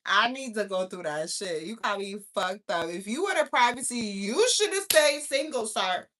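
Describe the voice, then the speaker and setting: A woman in her thirties telling a profane, animated storytime rant as a vlogger. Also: medium pitch, moderate pace. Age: 30s.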